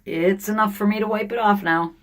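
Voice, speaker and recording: An older woman vlogging in a sauna, thinking out loud in a blunt, candid, venting way. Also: medium pitch, steady tone, brisk, a little hiss or hum. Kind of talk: casual vlog monologue.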